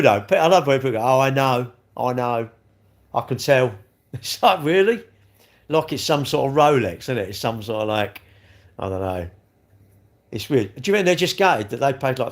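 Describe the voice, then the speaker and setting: A middle-aged man with a South East London accent, chatting and rambling on a casual live stream, full of tag questions. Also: mid-range voice. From England. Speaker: livestream host.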